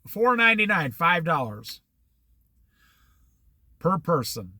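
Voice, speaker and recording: A man's voice: sits high, sing-song, slow, long pauses, pushed and bright, no room sound. An older man telling a long, rambling personal anecdote in a casual storytelling monologue, acting out the back-and-forth of old conversations. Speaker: host.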